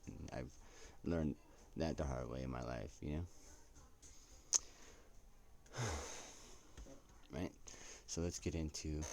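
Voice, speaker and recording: A man's voice: rumbling low, dark tone, slight background noise. A man talking casually to his viewers, often tossing in "right?" as he goes. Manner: chatty, keeps asking "right?". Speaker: vlogger.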